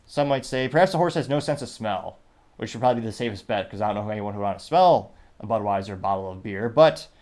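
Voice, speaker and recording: A man's voice: mid-range voice, darkish tone. Wry man reading posts aloud. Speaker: host. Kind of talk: casual commentary reading out posts.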